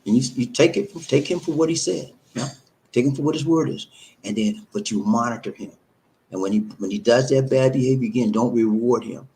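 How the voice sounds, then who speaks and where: A man's voice: fairly low pitch, fairly quick, a little mellow, low-quality recording. A man hosting a live stream, giving relationship advice in an emphatic, repetitive, preacher-like cadence. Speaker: host.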